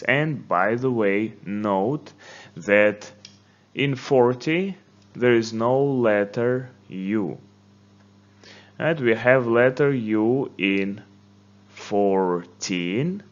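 A man teaching a beginner English lesson, speaking slowly and patiently and repeating words for learners to say along. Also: on the low side, highs cut off. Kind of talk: slow, deliberate language lesson.

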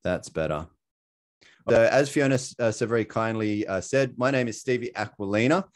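Australian man, lowish voice, casual webinar presenter, filler-heavy and self-mocking. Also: moderate pace. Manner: chatty, many fillers, laughs at himself. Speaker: presenter sharing his story. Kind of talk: casual presentation on a video call.

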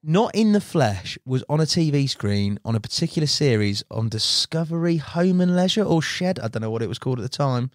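A man's voice: on the high side, animated, a little fast, hardly any pauses, no echo, clean studio sound. A man hosting a podcast in casual interview chat, friendly and matey, calling his guest mate. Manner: matey, says mate a lot. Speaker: podcast host.

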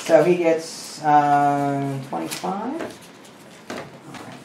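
A man hosting a board game session, explaining the rules and counting pieces out loud as he plays. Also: fairly high pitch, drawn-out words, vocal fry. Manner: thinks aloud, counting pieces and muttering rules. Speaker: host. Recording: roomy room with faint noise.

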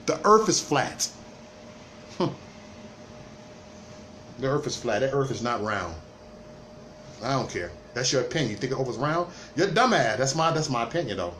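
A man's voice: medium pitch, big pitch swings, moderate pace, long pauses, fairly bright tone, slight background noise. A man hosting a livestream, delivering an emphatic, repetitive rant to viewers, stumbling into stammered restarts as he goes. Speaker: livestream host. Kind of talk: ranting livestream monologue.

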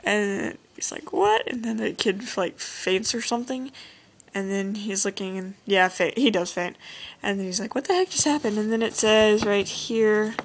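A woman's voice: medium pitch, fairly even intonation, unhurried, a little hiss or hum, low-quality recording. A teenage girl chatting casually as she shows her own drawings, gushing and rambling with lots of "like" and "oh my gosh". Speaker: vlogger showing her drawings. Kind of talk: casual chat.

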